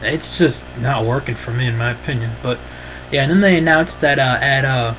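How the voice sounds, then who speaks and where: A man's voice: mid-range voice, moderate pace, a bit bright, a little hiss or hum, rough recording. A man giving a casual, rambling and opinionated review, often saying "freaking". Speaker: wrestling show reviewer.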